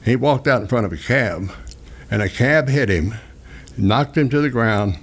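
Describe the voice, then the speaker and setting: A man's voice: mid-range voice, lively intonation, normal speed. An older man from southeast Texas, casually telling rambling, folksy stories as a radio host. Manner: folksy, rambling anecdotes with restarts and chuckles. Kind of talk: casual storytelling chat.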